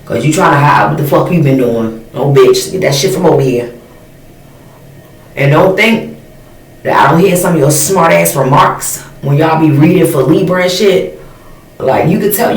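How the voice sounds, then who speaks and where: A woman's voice: low-pitched, normal speed, distant mic. A woman talking bluntly and heatedly in a profane, unscripted livestream rant to her viewers. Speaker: spiritual YouTuber. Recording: roomy sound from off-mic.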